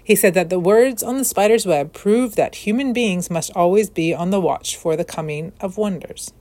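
A woman narrating a children's novel aloud with steady, clear storytelling. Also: mid-range voice, moderate pace, no room sound.

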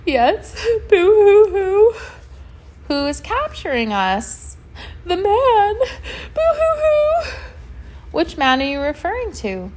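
A woman's voice: high-pitched, big pitch swings, moderate pace, few pauses, voice pushed up. A woman voicing an anxious, earnest male polar bear in a storybook, breathless and overly polite. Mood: sobbing. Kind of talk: storybook narration.

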